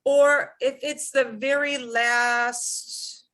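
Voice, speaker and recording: A woman's voice: high voice, steady tone, very slow, pushed and bright. A woman teaching a beginners' Spanish class, explaining pronunciation patiently and repeating words for students to echo.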